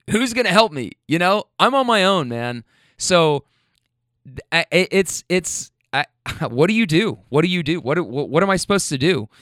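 A young man telling a rideshare story in a casual, animated way, swearing a lot and restarting his sentences. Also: on the high side, no room sound, clean studio sound. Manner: animated, profane, rambling with restarts.

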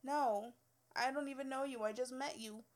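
A woman's voice: high voice, steady tone, moderate pace. A young woman who is a former hairstylist, telling work stories in a casual, blunt, swearing rant and laughing often.

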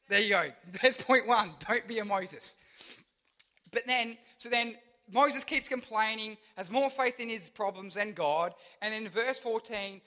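A young man preaching an energetic youth sermon, telling stories with sound effects and funny voices. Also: high voice. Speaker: youth pastor.

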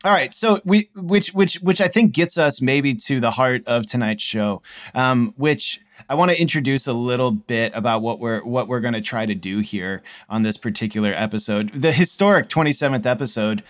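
A man's voice: mid-range voice, moderate pace. A man hosting a podcast in casual chat, thoughtful and musing with some fillers. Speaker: podcast host.

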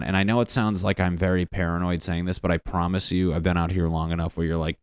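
A man's voice: sits low, fairly even intonation, fast, few pauses, smooth, dry recording. A young man doing a stand-up comedy bit, rambling and profane, acting out quotes as he goes.

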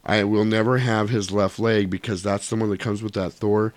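A man's voice: fairly low pitch, moderate pace. A man co-hosting a casual podcast, telling stories with lots of swearing and acting out other people's lines. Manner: animated storyteller, swears a lot, acts out lines. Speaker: podcast co-host. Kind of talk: casual chat.

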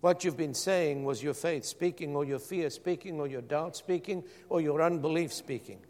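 A man's voice: on the high side, moderate pace, darkish tone, big-room sound. A middle-aged man preaching a sermon as pastor, firing rhetorical questions and repeating phrases for emphasis.

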